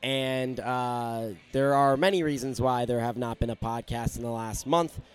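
A man's voice: mid-range voice, fairly even intonation, normal speed, clean tone. A man hosting a solo sports podcast, talking candidly and giving his opinions in a conversational way. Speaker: podcast host.

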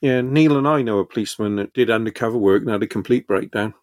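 A man's voice: fairly low pitch, quick pace, dry recording. Inquisitive man, dry sound. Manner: brief, inquisitive replies. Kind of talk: casual chat.

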